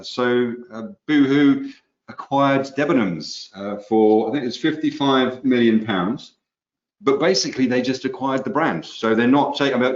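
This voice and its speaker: Brief: British male co-host, low and measured, roomy and muffled recording. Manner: measured, explanatory. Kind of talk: explaining news items. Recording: echoey dull room sound.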